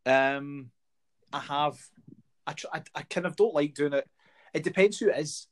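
A Scottish man in casual conversation who tells lively anecdotes and acts out other people's voices along the way. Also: fairly high pitch, normal speed. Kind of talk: casual chat.

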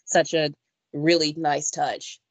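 A woman in casual conversation, animated, slipping into playful voices when she quotes someone. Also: sits low, slow, no room sound, low-quality recording. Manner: animated, jumps into mock voices when quoting. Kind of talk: casual chat.

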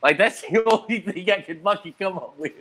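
A man's voice: sits high, a little fast, breathy edge. A young man rambling casually about his day, swearing freely and jumping between stories, a little hungover. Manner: profane, rambling, animated storytelling.

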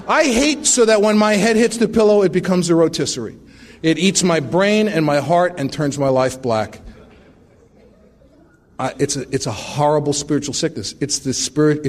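Middle-aged man, fairly high voice, wry self-mocking testimony speaker. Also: normal speed. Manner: wry, self-mocking storytelling with frequent restarts. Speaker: recovery meeting speaker. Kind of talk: personal recovery testimony.

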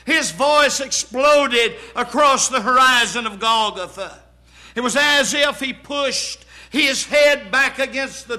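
A man preaching in a strikingly high, bright voice. He takes his time, drawing out each phrase and building to sudden shouts. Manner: dramatic preaching, slow and emphatic, swelling to shouts. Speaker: pastor. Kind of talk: sermon.

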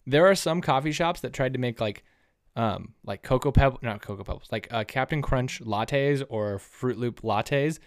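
A young man co-hosts a casual podcast, chatting in a relaxed, rambling way and often restarting his sentences. The sound is dry and close, with no room in it. His pitch is middling. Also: moderate pace, no room sound. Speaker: podcast co-host.

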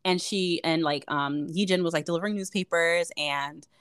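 Chatty low-voiced woman podcast co-host. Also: moderate pace, fairly bright tone, clear, resonant tone, dry recording, studio quality. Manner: chatty and gushing, heavy use of "like". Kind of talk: casual chat.

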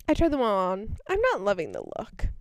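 A young woman, a student, telling a story in casual chat, animated and full of fillers. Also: medium pitch, normal speed, dry recording, studio quality.

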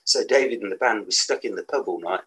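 Older midlands bloke, low husky voice, rambly storytelling. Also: male voice, fast, a bit bright, low-quality recording. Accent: West Midlands English. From England. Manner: rambling anecdotes with laughs and restarts. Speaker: interview guest, musician. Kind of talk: casual storytelling.

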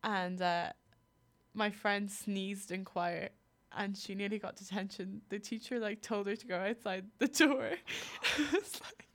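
A woman's voice: medium pitch, unhurried, a bit bright. A young Irish woman co-hosting a podcast, chatting casually and laughing often at her own expense. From Ireland. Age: young adult. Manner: self-deprecating, giggly. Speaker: podcast co-host. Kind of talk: casual chat.

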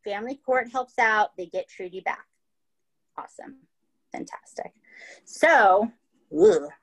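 At a measured pace, a woman with a fairly high, slightly bright voice tells a true-crime story as a podcast host. Her delivery is casual and chatty, full of swearing and frequent "right?" and "okay?" check-ins, on a low-quality recording.

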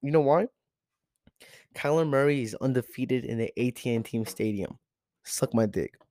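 A man's voice: medium pitch, moderate pace, darkish tone, dry recording, clean studio sound. A teenage boy hosting a podcast, ranting in an exasperated, profane way with lots of repeated rhetorical questions. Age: teens. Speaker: podcast host. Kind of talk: solo sports rant.

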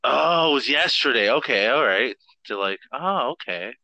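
A man co-hosting a podcast, telling stories in a casual, swearing, animated way. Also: medium pitch, normal speed, no echo. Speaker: podcast co-host. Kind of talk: casual chat.

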